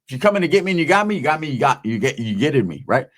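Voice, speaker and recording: A man's voice: mid-range voice, very animated, very fast, fairly bright tone. A man telling stories and ranting in casual street slang, swearing freely as a YouTube commentator. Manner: profane, streetwise storytelling with slang. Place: home.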